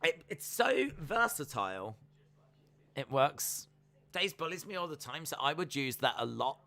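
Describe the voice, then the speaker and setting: A man's voice: a little high, very animated, measured pace, vocal fry, pushed and bright. A man chatting casually on a live reaction stream, repeating himself often as he talks. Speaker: streamer hosting a watch-along.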